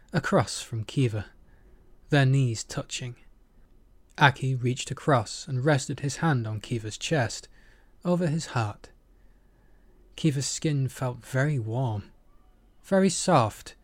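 A man narrating a romance story in a measured, intimate audiobook reading. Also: medium pitch, dry recording.

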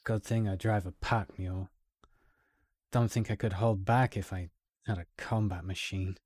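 A man's voice: low-pitched, steady tone, a little slow, a little mellow, dry recording, clean studio sound. A man voicing a young male soldier who is a loyal, worried friend, urging and coaxing. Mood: grumbling. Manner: urgent, coaxing.

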